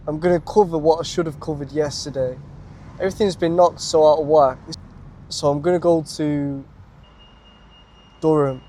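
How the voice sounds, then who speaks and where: A young man with a Lancashire accent, vlogging to camera on a handheld camera, chatty and excitable and calling the viewer mate. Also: medium pitch, slight background noise. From North West England. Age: young adult. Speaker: vlogger pitching to bars. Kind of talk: casual vlog to camera.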